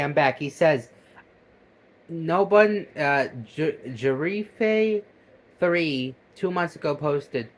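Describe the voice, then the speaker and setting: A man excitedly retelling a video he watched, swearing often and swinging between loud outbursts and low asides. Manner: animated, profane, jumps between loud outbursts and mutters. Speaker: video reactor.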